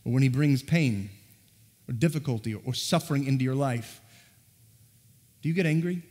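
A man preaches a sermon as pastor, earnestly pressing his listeners with rhetorical questions. His mid-range voice is a little mellow at normal speed, recorded in a church sanctuary with the long reverb of a large hall.

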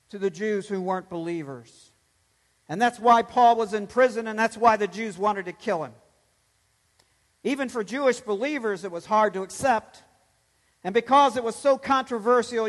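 A man's voice: high voice, a bit bright, long reverb tail. A pastor preaching a sermon, emphatic, swelling and dropping his voice to stress points.

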